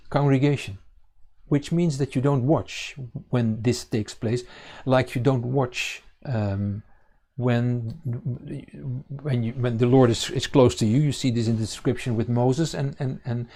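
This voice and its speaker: A man teaching a congregation on scripture, pausing often with fillers and restarting his sentences. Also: medium pitch, warm tone. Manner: halting, many fillers and restarts. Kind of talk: bible teaching.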